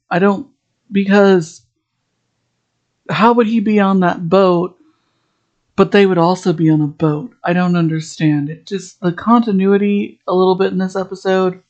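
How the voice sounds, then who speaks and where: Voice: medium pitch, fairly even intonation, measured pace, darkish tone, muffled recording. A podcast host in a casual episode recap, rambling and chatty, full of "like" fillers and restarts.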